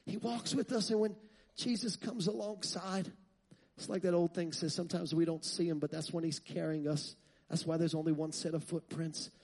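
A man preaching a sermon, asking the congregation rhetorical questions and building to loud, fervent passages. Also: on the high side, steady tone, normal speed.

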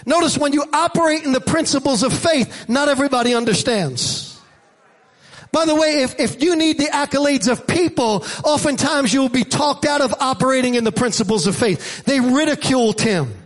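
A male pastor with a voice very high for a man preaches a sermon at a moderate pace, emphatic and rhythmic. He keeps calling on the congregation to respond back to him.

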